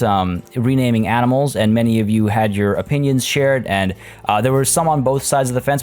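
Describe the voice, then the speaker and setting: A man's voice: fairly low pitch, darkish tone. A man talking casually as a gaming YouTuber over a let's play, chatty and rambling with many fillers.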